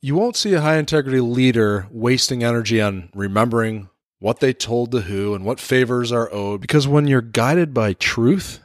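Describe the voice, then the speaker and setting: A man's voice: mid-range voice, moderate pace, no echo, studio quality. A man giving a motivational leadership talk, telling a personal story in an earnest, confessional way. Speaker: leadership speaker.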